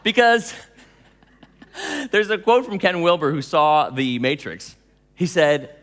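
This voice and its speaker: A man giving a storytelling talk to an audience, animated, laughing often and acting out dialogue. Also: fairly high pitch, slow pace, pauses often, in a large hall. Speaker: speaker telling stories to an audience.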